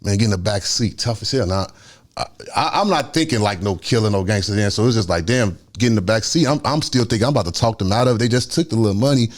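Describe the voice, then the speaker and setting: Man, low voice, animated storyteller who does the voices of people in his story. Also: fast talker. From Chicago. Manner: animated, acts out voices, swings between loud and hushed. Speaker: guest storyteller. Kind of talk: casual storytelling interview.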